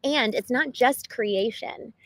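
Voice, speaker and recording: A woman rambles earnestly through an unscripted livestream monologue, her voice sitting on the higher side. She keeps restarting phrases and leaning on "like" as she works through her thoughts. The sound is dry and close, with no room echo. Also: takes it slowly. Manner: earnest and animated, with frequent "like" and restarts. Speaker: livestream host.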